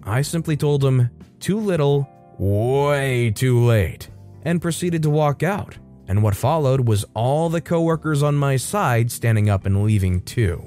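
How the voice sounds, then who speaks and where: A man reading a Reddit story aloud as a narrator, steady and storytelling. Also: medium pitch, normal speed, soft background music.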